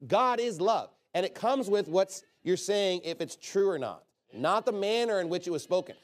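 A man preaches a sermon in a fairly high voice. He talks in a conversational, emphatic way and keeps asking rhetorical questions, then answers them firmly. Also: expressive, normal speed.

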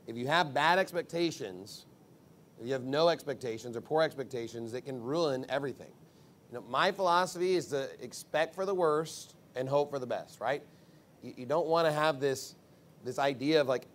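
A man preaching a conversational sermon as a pastor, blunt and emphatic, rambling with asides. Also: on the high side.

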